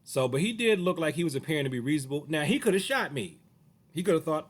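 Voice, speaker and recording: A man recounting a past run-in, his pitch sitting fairly high and swinging widely as he talks. He slips into the voices of the other people in the story. Casual, expressive storytelling to camera. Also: fast talker. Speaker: martial arts teacher.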